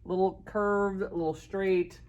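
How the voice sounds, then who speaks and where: A woman's voice: mid-range voice, steady tone, a little slow, darkish tone, lo-fi sound. A woman giving a casual drawing tutorial as an art instructor, chatty and upbeat, laughing at herself as she works.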